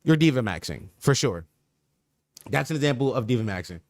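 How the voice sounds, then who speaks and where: A man's voice: medium pitch, lively intonation, brisk, dry recording, clean studio sound. A man hosting a podcast stream in casual chat, riffing with slang in a repetitive, joking, mock-sincere way. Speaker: podcast host.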